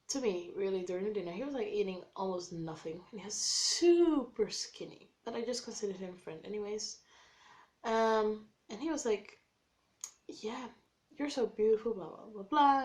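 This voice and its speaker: A woman vlogger casually telling a personal story to camera, acting out quoted dialogue and using lots of "like.". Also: medium pitch. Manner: animated, acts out quoted dialogue with many "like"s.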